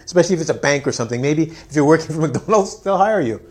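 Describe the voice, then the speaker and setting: A man with a fairly high, darkish voice speaks expressively and at a racing clip. He's teaching an English lesson on video, joking around, poking fun at himself, and acting out his students in a playful way.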